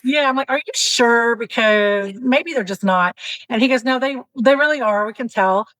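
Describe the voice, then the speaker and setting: A woman in her fifties, a podcast guest, telling a candid comic story with lively back-and-forth dialogue and casual swearing. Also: fairly high pitch, moderate pace, dry recording, rough recording. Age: 50s. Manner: animated, acts out both sides of a story, swears freely.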